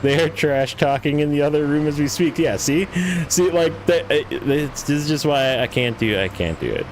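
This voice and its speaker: A man's voice: fairly high pitch, normal speed, slight background noise. A man hosting a gaming livestream, chatting casually with viewers in a rambling, self-deprecating way while he plays.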